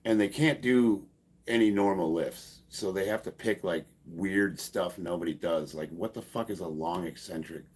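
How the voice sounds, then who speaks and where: A man's voice: low voice, normal speed, darkish tone, breathy edge. A man in his fifties, a powerlifter chatting casually on a live stream, sarcastic and profane, laughing often. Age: 50s.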